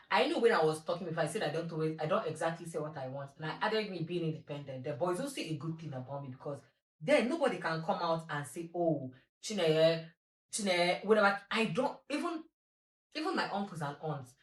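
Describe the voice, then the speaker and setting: Low-voiced woman, candid podcast. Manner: candid, animated and self-mocking. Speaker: podcast host. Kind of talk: solo confessional podcast. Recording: roomy echo.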